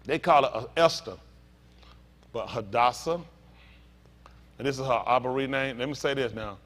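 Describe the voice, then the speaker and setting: A man's voice: medium pitch, normal speed, fairly bright tone. A male pastor teaching a sermon in a conversational storytelling way, talking straight to the congregation.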